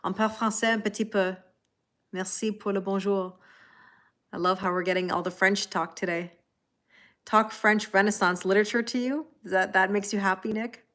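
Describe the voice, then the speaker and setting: Woman, 40s, mid-pitched, chatty live tarot reader who laughs easily and talks straight to her viewers. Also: steady tone, normal speed, a bit bright. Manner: chatty, greets viewers by name, laughs often. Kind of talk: casual live-stream card reading.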